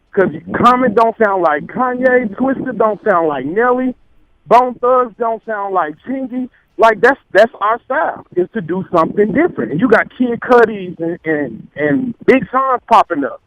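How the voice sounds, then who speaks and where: A man's voice: sits high, slight background noise. A man from St. Louis with a St. Louis accent, calling in to give an earnest, slangy opinion. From St. Louis, US Midwest. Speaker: caller. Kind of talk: call-in opinion. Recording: muffled call-in line.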